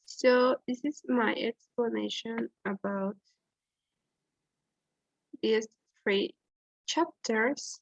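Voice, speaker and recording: A student, a woman, gives a class presentation on pronunciation, speaking slowly and hesitantly with lots of "uh" fillers and restarts. Her voice is fairly high and creaky, and the dry, echo-free recording sounds dull and lo-fi.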